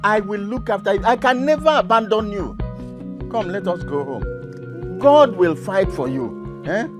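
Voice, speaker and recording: A fretful Nigerian father whose high voice rises and falls widely as he slowly pleads and promises. He talks with a drawn-out, protective weight. Film music plays loudly under his lines. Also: expressive. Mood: soothing. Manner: pleading, tender then angry on phone. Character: worried father consoling his pregnant daughter. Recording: film soundtrack with loud music.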